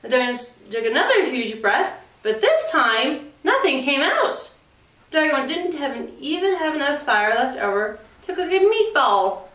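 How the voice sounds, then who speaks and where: A woman childcare teacher reading a picture book aloud at story time, affectionate and expressive. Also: sits high, moderate pace. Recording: roomy, distant mic.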